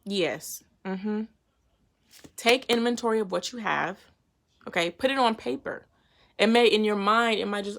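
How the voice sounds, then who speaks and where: A woman's voice: medium pitch, a little fast, vocal fry. A woman giving a casual, slangy Bible lesson to her viewers and retelling scripture in everyday talk. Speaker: faith vlogger teaching a Bible lesson.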